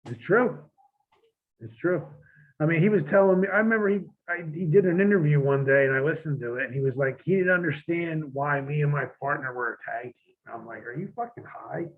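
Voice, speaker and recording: Speaking fast in a slightly high voice, a man who used to wrestle professionally tells blunt, profane stories during a casual shoot interview. He acts out past arguments, and the sound is tinny phone-line audio.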